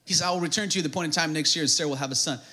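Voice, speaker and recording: A man preaching a sermon, calling on the congregation to answer back and building up to shouted, fervent peaks. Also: a little high, rapid-fire. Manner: call-and-response preaching, builds to shouted climaxes; acts out prayers in a mumbled comic voice. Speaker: pastor.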